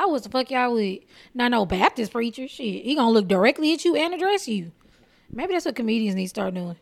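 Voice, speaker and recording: A woman stand-up comedian from Texas, hosting her own podcast with a blunt, profane, animated comic rant. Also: on the high side, fairly quick.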